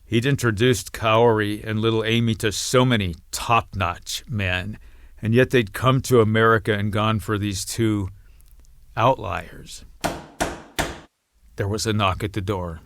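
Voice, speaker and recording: A man narrating a novel as an audiobook in an even, understated reading. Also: on the low side, unhurried, dry recording, clean studio sound.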